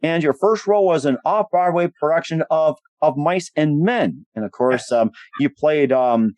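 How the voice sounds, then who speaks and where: A man's voice: fairly high pitch, normal speed, darkish tone, no echo. A man hosting an interview, running through his guest's credits with frequent fillers. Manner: reads intro with fillers, brief reactions. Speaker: interview host. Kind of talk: interview questions.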